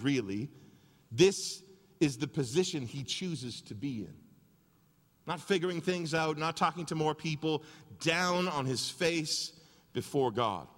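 A male pastor preaching a sermon and telling a story with lively energy. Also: medium pitch. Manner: animated storytelling. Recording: long reverb of a large hall.

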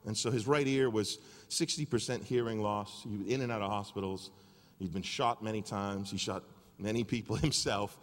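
Storytelling pastor in a reverberant hall. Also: male voice, fairly low pitch, normal speed. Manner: animated storytelling. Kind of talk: sermon. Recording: long reverb of a large hall.

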